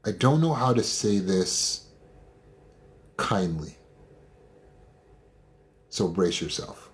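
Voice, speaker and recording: A man speaks in a slightly low register, coaching listeners through trauma recovery. He is direct and emphatic, with a blunt, no-nonsense delivery in a motivational talk. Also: animated, drawn-out words.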